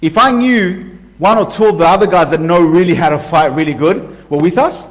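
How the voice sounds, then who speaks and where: A man preaching a sermon passionately, swinging from loud outbursts to hushed lines and acting out voices. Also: high-pitched, normal speed, poor audio. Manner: acts out voices for illustration. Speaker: pastor.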